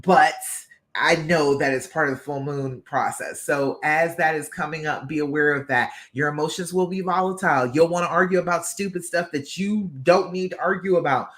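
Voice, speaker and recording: A woman's voice: deep voice, moderate pace, fairly bright tone. A woman love coach talking to her audience on a live stream. She is upbeat and encouraging, and she keeps asking "okay?" and "all right?" as she coaches them.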